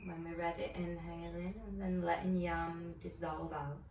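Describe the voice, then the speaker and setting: A woman teaching yoga, guiding breath and chanting in a slow, soothing, gentle way. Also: on the low side, flat delivery, gravelly, echoey room, distant mic, dull audio, a little hiss or hum. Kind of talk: guided yoga and meditation instruction. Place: home room on a video call.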